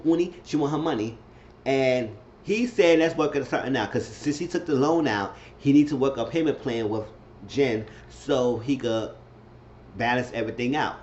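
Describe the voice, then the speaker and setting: A man's voice: on the low side, darkish tone, a little hiss or hum. Casual male recap vlogger, talky and repetitive, dull home mic sound. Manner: chatty, repeats himself, acts out quotes in shifting voices.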